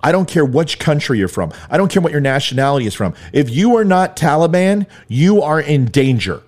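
A man's voice: fairly high pitch, sing-song, a little fast, darkish tone. A middle-aged man hosting a political commentary show, ranting in a heated, sarcastic, mocking way.

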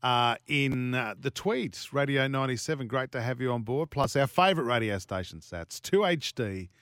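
A man's voice: medium pitch, expressive, moderate pace, a bit bright, smooth, dry recording. A man hosting a sports radio show, bantering jokily and laughing often. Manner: jokey, laughs often, plays up fun facts. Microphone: studio mic.

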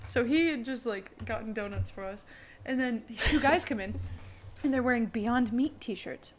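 A woman's voice: a little high, moderate pace, slight background noise. A woman co-hosting a podcast, telling a story in casual chat, giggly and full of "like". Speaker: podcast co-host.

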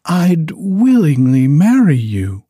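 A man's voice: on the high side, wildly swooping pitch, slow, mellow, husky, no echo, clean studio sound, pitched above the performer's own voice, heavily acted. A man putting on a haughty young lady.

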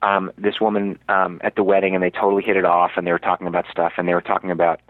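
A male actor with a low, level voice races through a story as an interview guest, rambling with many fillers and restarts. The audio is dry, tinny, and phone-like, as if heard over the radio.

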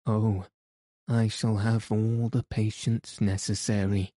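A man voicing an exasperated middle-aged male theatre manager, cold and accusing in a measured way. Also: fairly low pitch, flat delivery, mellow, dry recording, studio quality. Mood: uneasy.

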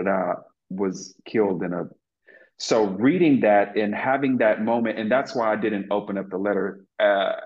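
A man being interviewed as an actor, earnestly telling stories from set, with many fillers and restarts. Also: fairly low pitch. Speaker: actor guest. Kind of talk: casual interview storytelling. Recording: lo-fi muffled audio.

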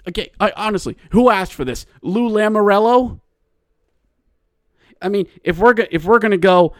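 A man's voice: high voice, normal speed, no echo, studio quality. A man hosting a solo hockey podcast, ranting in exasperation and working himself up as he goes. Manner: exasperated ranting, getting louder and riled up. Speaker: podcast host. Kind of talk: solo sports podcast rant.

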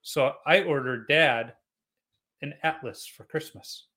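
A middle-aged man hosting a podcast, chatting casually and telling family stories with animated quoted voices. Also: a little high, takes it slowly. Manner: storytelling, animated quoting of family. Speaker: podcast host. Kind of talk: casual interview chat.

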